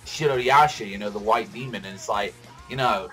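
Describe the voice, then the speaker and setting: A man giving casual reaction commentary on a manga chapter, excitable and profane, rambling with lots of fillers. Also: fairly low pitch, moderate pace, soft background music.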